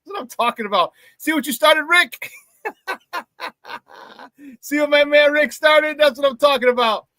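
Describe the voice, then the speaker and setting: Man hosting sports talk, high-pitched, fired-up and loud, slangy banter, dry close sound. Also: unhurried, long pauses, no echo. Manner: casual, slangy banter with frequent laughter. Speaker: sports talk show host. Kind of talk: live sports talk show, reading chat shout-outs.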